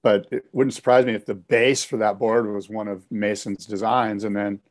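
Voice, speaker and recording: A man with a fairly low voice co-hosting a laid-back podcast. He talks with easy enthusiasm, circling back on his own sentences as he goes. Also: flat delivery, moderate pace. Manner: enthusiastic, rambling, with frequent restarts and "you know". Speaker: podcast co-host. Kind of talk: casual podcast chat.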